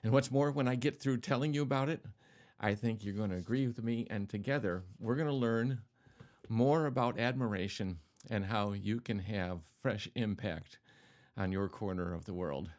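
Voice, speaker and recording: A man's voice: on the low side, moderate pace, a little mellow. An older man, a pastor hosting a talk show, speaking straight to the viewer and repeating key words for emphasis in a storytelling way. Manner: storytelling, addresses the viewer directly. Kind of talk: video talk show monologue.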